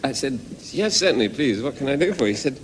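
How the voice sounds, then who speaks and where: A man's voice: medium pitch, expressive, quick pace, background noise. An older man chatting through an anecdote and acting out voices as an interviewee. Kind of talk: anecdote telling.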